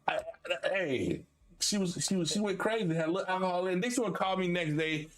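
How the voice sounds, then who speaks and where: A forties-aged streamer and host from Florida chats casually and tells stories, animated and laughing. His voice moves from high, excited bursts to low asides, at a measured pace with frequent pauses.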